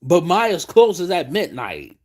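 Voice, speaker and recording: Male stream host, exasperated profane ranter, unhurried delivery. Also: sits high, huge pitch swings. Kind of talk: late-night live stream rant.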